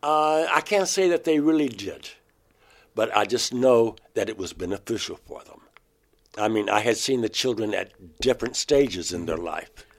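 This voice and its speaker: A man being interviewed, telling of a personal experience in a halting way, often restarting words. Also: on the low side, lively intonation. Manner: halting, restarts words, rises sharply when quoting himself. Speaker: interviewee, painter.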